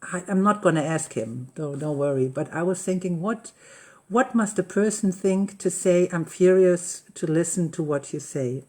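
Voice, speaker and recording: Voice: medium pitch, normal speed, warm tone. Chatty host telling casual anecdotes. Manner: chatty, rambling, searching for words in English. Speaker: host of a live coffee-and-talk session. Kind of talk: casual personal storytelling. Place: lives on a rural estate in Mallorca.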